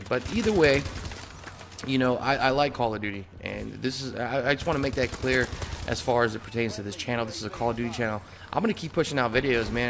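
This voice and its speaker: A man's voice: mid-range voice, background noise. Ranting young man over gameplay. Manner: frustrated ranting, frequent fillers and swearing. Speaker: gaming channel host. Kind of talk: casual gameplay commentary.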